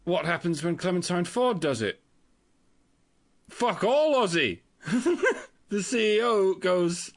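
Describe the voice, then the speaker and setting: A man's voice: sits high, big pitch swings, slow pace, long pauses. A man co-hosting a podcast, mocking and teasing with laughter and profane jokes. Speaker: podcast co-host. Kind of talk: casual comedic commentary.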